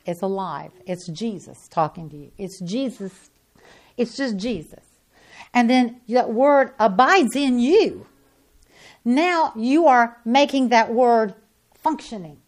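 A woman preaching a sermon in a folksy, emphatic way that swells into loud insistence. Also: fairly high pitch.

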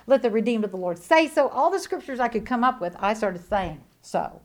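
A woman giving an animated sermon testimony, swinging between loud declarations and hushed asides. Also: on the high side, brisk. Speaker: preacher.

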